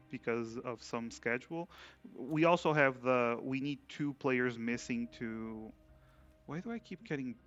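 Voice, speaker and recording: A man's voice: mid-range voice, clear, resonant tone, lo-fi sound. A man hosting a livestreamed tabletop game as game master, chatting casually and rambling with frequent laughs. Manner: relaxed, rambling, laughs often. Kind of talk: casual chat before a tabletop game stream.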